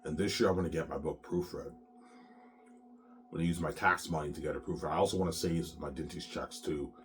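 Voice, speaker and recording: A man's voice: extremely low pitch, brisk, background noise. A sick, coughing man hosting his own show in a rambling, profane monologue that keeps coming back to "man". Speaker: solo show host.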